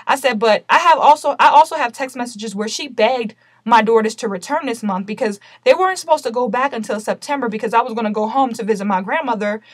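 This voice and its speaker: A woman with a fairly high voice recounts a personal ordeal to her camera, animated and indignant. She acts out her own side of the conversations with sharp emphasis. The sound is dry and close. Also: quick pace, few pauses, dry recording. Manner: animated, indignant retelling with emphatic quoted dialogue. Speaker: vlogger recounting a personal story; mother. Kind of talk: casual storytelling to camera.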